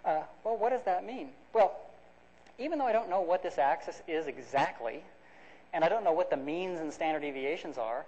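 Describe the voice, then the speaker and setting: A man's voice: a little high, animated, moderate pace, darkish tone. A man giving a conversational academic lecture, explaining step by step with frequent restarts and fillers. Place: lecture hall. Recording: dull lo-fi lecture recording.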